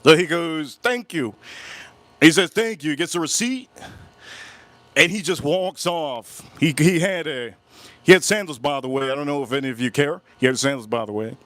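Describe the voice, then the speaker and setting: Livestreaming from around Miami, USA, a man who hosts a whiskey channel spins out a lengthy, wandering tale, circling back to repeat himself and voicing other characters with animation. He has a fairly high pitch, talks at normal speed, and the audio carries no room sound.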